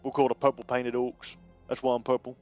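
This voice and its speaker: A man's voice: medium pitch, monotone, brisk, a little mellow, lightly acted. A man voicing a rambling male orc prisoner who keeps trailing off with "you know," in a tabletop game with faint music behind. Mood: chatty.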